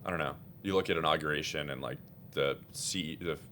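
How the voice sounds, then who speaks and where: A man speaking as the guest on a podcast interview, talking in an energetic, rambling way with many fillers and restarts. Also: very deep voice, brisk, slight background noise. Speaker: guest, executive director. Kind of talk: casual interview chat.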